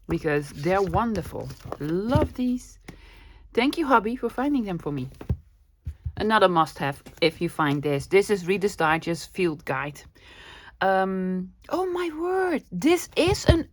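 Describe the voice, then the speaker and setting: Showing a thrift haul on her vlog, a woman chats casually in a mid-range voice, now and then bursting into giddy excitement. She's coming down with a cold, her throat sore.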